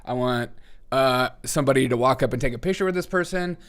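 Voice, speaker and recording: A man's voice: medium pitch, quick pace, fairly bright tone. A man hosting a comedy news live stream, talking sarcastically and laughing often. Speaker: host.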